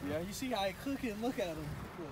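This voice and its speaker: A man's voice: high-pitched, fast. A young man vlogging outdoors in casual chat, joking and telling stories with lots of laughter. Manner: joking, laughs a lot, animated storytelling. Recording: noisy outdoor street ambience.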